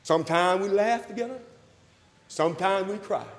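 A man preaching, his voice pitched very high for a man and ringing with the long echo of a church hall. He calls out to the congregation, repeats his lines and climbs to loud emphatic peaks. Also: normal speed. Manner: call-and-response, repeats phrases, rises to loud emphatic peaks. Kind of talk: sermon with invitation call.

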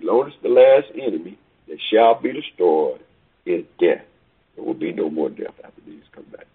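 Preacher guy on a phone call, lots of ups and downs, kinda raspy. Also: mid-range voice. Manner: emphatic, swings between loud peaks and quiet asides. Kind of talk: sermon over a phone call. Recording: tinny phone line.

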